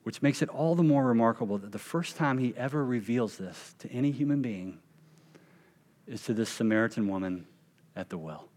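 A man's voice: medium pitch, animated. Preaching man in a reverberant church hall. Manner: emphatic, slows and drops to a hush on key phrases. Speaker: pastor. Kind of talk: sermon.

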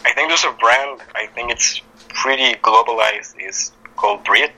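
A man's voice: mid-range voice, moderate pace, background noise. A man in his twenties from Costa Rica, a guest speaking hesitantly and repeating words. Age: 20s. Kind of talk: casual interview chat.

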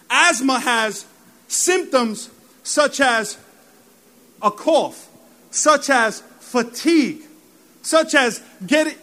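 A male pastor preaching a sermon in a church, telling animated stories and laughing at himself. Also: very high voice.

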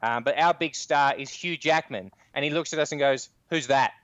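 A man's voice: on the high side, fairly quick, a bit bright. An Australian man calling in to a comedy podcast, telling a dry, wry story in casual chat. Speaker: regular contributor calling in from the U.S. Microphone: phone line. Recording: dull lo-fi phone line.

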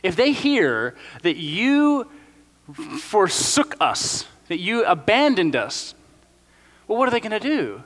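Earnest, pleading leader as a preacher puts him on, soft, in a reverberant hall. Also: male voice, high voice, sing-song, takes it slowly, pitched above the performer's own voice, full character voice. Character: Moses pleading with God, earnest older man.

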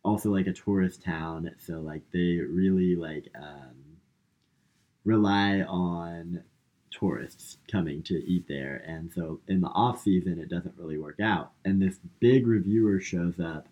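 Male podcast co-host, deep-ish and unhurried, loose filler-heavy recap. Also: warm tone, highs cut off. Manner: rambling, filler-heavy retelling with lots of "like" and "um". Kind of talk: casual movie recap chat.

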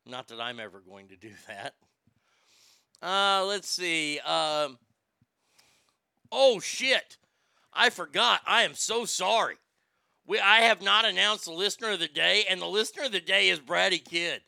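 High, gravelly, profane male host. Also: measured pace, pauses often, bright, forceful tone, no room sound. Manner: profane and irreverent. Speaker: show host. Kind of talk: casual comedic commentary.

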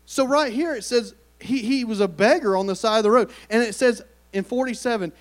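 A man preaches to his congregation in a high voice. He keeps it conversational and calls on the listeners to answer him back. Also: fairly quick. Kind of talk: sermon.

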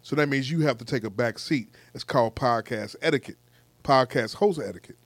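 A man's voice: medium pitch, brisk, dry recording. Blunt, swearing podcast host, man. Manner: blunt and opinionated, swears freely. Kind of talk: casual podcast chat.

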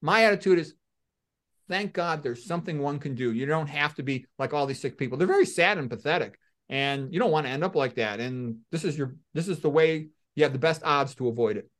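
A middle-aged man, a doctor, giving blunt, animated opinions in an interview and acting out little scenes. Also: a little high, a little fast. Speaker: medical doctor guest.

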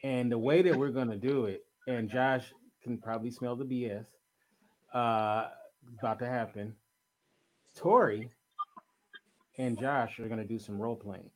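A man's voice: medium pitch, a little slow, pauses often. A man hosting a talk show, upbeat and playful as he sets up a segment. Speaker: host.

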